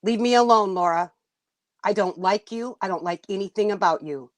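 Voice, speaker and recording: A woman's voice: mid-range voice, moderate pace, dry recording. A woman hosting a livestream, venting bluntly and indignantly to her chat, cursing now and then. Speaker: livestream host.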